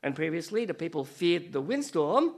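A middle-aged man preaching a sermon as pastor, animated and storytelling, with joking asides. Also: on the high side, normal speed, creaky.

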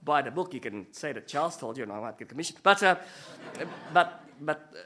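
A middle-aged male pastor with a fairly high voice preaches through a sermon. He tells stories with animation and slips in joking asides. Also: animated, fairly quick, pushed and bright.

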